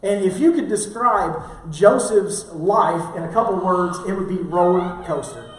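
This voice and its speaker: A man's voice: high-pitched, measured pace. A male pastor preaching a sermon, telling stories casually with many fillers. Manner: casual storytelling with frequent fillers. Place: church sanctuary. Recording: very echoey church hall from far off.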